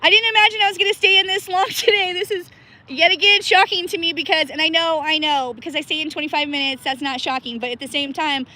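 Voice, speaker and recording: A woman's voice: very high voice, steady tone, fast talker, sharp tone. A woman livestreaming from a cold river outdoors, chatting casually with viewers by name and laughing often, shivering with cold. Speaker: livestream host.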